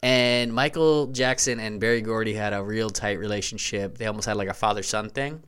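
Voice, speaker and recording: A man's voice: fairly low pitch, brisk, a bit bright, clear, resonant tone. A man in his thirties co-hosting a podcast, chatting casually and telling stories with enthusiasm. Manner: enthusiastic, laughing storyteller. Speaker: podcast co-host. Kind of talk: casual chat.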